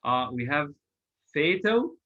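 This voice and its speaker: A male teacher on a video call runs an English lesson. His voice sits slightly high and sounds bright and forceful. He is patient, spells words out letter by letter, and fills pauses with hesitations. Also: very animated, highs cut off. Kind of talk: online class drilling exam word formation.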